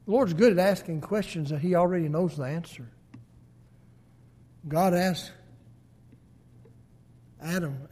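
A man preaching a sermon, swinging between loud emphatic peaks and hushed low endings. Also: a little slow, long pauses.

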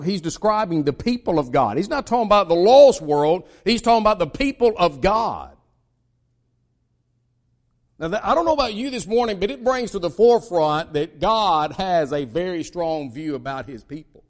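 A man's voice: high voice, animated, moderate pace. A man from the United States preaching a sermon, emphatic, with many repeated starts and dramatic swings in delivery.

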